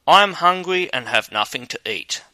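A man's voice: fairly high pitch, lively intonation, normal speed, pushed and bright, dry recording, pitched above the performer's own voice. A man voicing a hungry, tired, trusting dog in a fairy tale, in a plain, weary manner.

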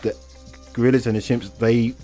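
A man's voice: medium pitch, little pitch movement, normal speed, dark tone, soft background music. A man co-hosting a comedy podcast, wry and musing, chuckling through casual chat. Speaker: podcast co-host.

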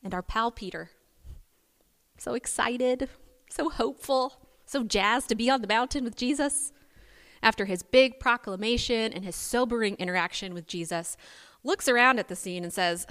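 A woman preacher giving a sermon, telling the story in an animated, playful way. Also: fairly high pitch, normal speed. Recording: long hall reverb.

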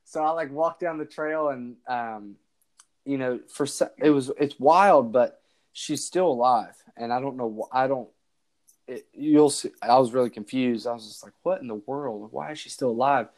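A man's voice: medium pitch, normal speed, darkish tone. A young man hosting a podcast, rambling through a story with lots of restarts and quoted back-and-forth. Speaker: podcast host. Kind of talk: casual storytelling chat.

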